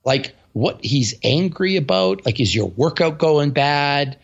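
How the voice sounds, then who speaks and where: A man co-hosts a podcast in casual chat. His voice is gravelly and a bit husky, and the recording is dull and lo-fi. He talks bluntly and tells animated stories, with some swearing. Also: fairly high pitch, unhurried. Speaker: podcast co-host.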